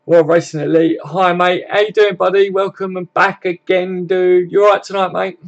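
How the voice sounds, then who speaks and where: Young British bloke, fairly high voice, easygoing laddish live-stream host who swears and says mate a lot. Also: male voice, flat delivery, normal speed, highs cut off. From Britain. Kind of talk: casual live chat reading comments. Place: home room with desk and sofa.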